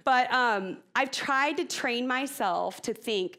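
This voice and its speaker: A middle-aged woman giving an expressive, casual talk to church parents, chatty and laughing at herself. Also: high-pitched, measured pace, few pauses.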